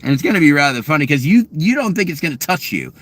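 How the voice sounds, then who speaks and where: Fast and with big pitch swings, a man in his car fires off an angry, profanity-laced rant as he answers live chat questions, alternating loud outbursts with low muttering.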